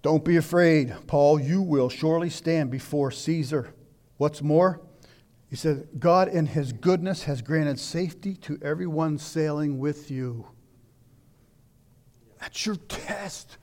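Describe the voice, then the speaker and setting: Older male preacher, high voice, fervent sermon delivery that swings between loud declaiming and hushed asides. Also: takes it slowly.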